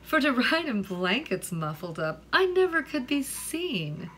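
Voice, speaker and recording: A woman putting on a light, high voice for a vain young girl in a recited poem. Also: sing-song, unhurried, sharp tone, a little hiss or hum, exaggerated voice. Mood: proud.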